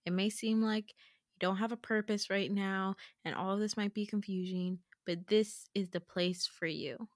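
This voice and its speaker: A woman voicing a kind young male wizard student who talks in a gentle, reassuring way. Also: on the high side, lively intonation, moderate pace, no echo, studio quality, close to an everyday voice. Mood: earnest.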